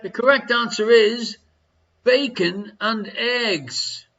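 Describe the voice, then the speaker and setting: A man's voice: very high-pitched, slow, a bit bright, muffled recording. An Irish man hosting a live online quiz from his living room, reading questions and answers with a jokey, chatty manner. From Ireland. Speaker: quiz show host.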